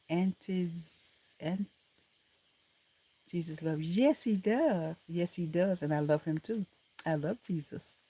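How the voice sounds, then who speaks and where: A woman's voice: low-pitched, warm tone. A woman hosting a casual live stream from a room at home, chatting affectionately with viewers and laughing often. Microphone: laptop camera mic.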